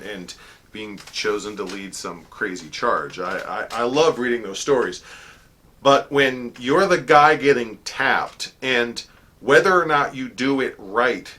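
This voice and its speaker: A man telling a personal story in a casual monologue, animated, acting out the dialogue with frequent filler words. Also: medium pitch. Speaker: channel host recounting a story.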